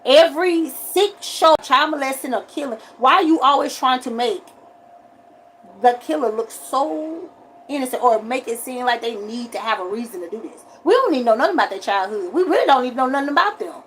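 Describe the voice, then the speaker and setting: A woman hosting a livestream, ranting in a casual, animated way and repeating her complaints. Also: sits high, a little fast, a little hiss or hum. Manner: animated, repetitive complaining, rising to shouts. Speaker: livestream host.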